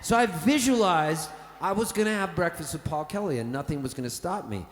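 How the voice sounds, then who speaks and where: A singer-songwriter from Canada telling a rambling, playful, cheerfully profane story to a live audience on a festival stage. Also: male voice, a little high, lively intonation, brisk. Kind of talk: comic stage storytelling between songs. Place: festival big top tent, live on stage. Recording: roomy reverberant live tent sound.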